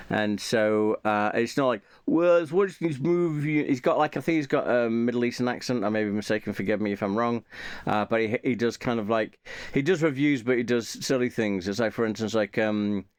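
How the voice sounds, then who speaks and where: A man's voice: on the low side, clean tone, dry recording. A man chatting casually and rambling, with many fillers and restarts. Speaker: channel host.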